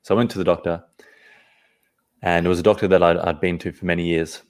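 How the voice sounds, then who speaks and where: A man, a podcast guest, telling a personal story in an earnest, halting way, often restarting his phrases. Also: low voice, level tone, a little mellow.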